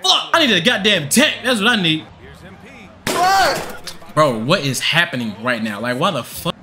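A man's voice: fairly high pitch, animated, normal speed, noisy background. A young man giving angry, profane gameplay commentary, ranting at the game and the referees. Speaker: gaming channel host.

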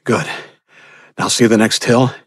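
A man's voice: on the low side, fairly even intonation, unhurried, slightly rough, no echo, studio quality, pitched above the performer's own voice. A man voicing a father urging his son to run, commanding and tense. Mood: urgent. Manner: urgent, commanding. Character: determined grown father under threat.

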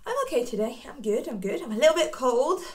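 A woman reading a picture book aloud to young children, with a gentle, coaxing, teacher-like way of talking. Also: sits high, animated, fast. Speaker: children's story reader.

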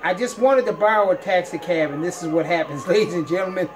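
A man's voice: high-pitched, fast, background noise. A man giving playful let's-play commentary, laughing often as he talks. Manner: playful, laughs often, folksy drawl-like phrasing. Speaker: gamer.

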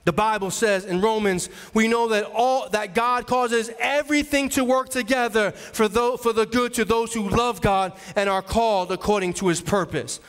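Male pastor, high voice, repetitive rising sermon delivery, long church-hall echo. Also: fairly even intonation, moderate pace, hardly any pauses, fairly bright tone, smooth. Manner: preaching with repeated rising declarations. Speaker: associate pastor. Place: large church sanctuary.

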